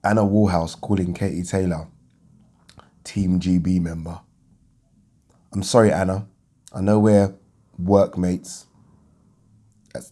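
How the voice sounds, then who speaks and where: A man's voice: low voice, dark tone. A young man giving a rambling, casual reaction to a boxing fight as a vlogger, thinking aloud and restarting his sentences.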